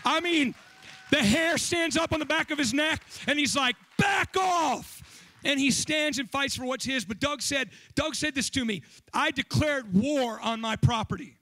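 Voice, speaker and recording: A man preaching a sermon as pastor, telling stories with animated, emphatic delivery. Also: very high voice, normal speed.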